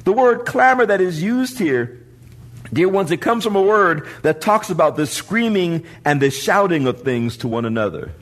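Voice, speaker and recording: Animated high-voiced preaching pastor. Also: male voice, moderate pace. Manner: preaching with rising shouts and call-and-response. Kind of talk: sermon. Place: church before a congregation.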